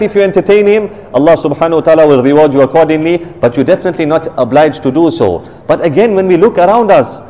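A man preaching a sermon, emphatic and slowing down to stress key phrases. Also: high-pitched, dark tone. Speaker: preacher, maulana. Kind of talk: sermon with storytelling. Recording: long hall reverb.

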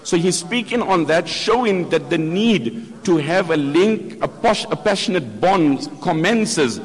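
A man's voice: high voice, animated, unhurried. A man giving an earnest religious talk, explaining and quoting scripture as he summarizes a lecture. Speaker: Islamic speaker summarizing a lecture. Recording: long hall reverb.

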